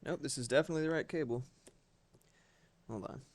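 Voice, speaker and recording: A man's voice: mid-range voice, fairly quick, no echo. A man streaming live from home, chatting casually with his audience and swearing now and then.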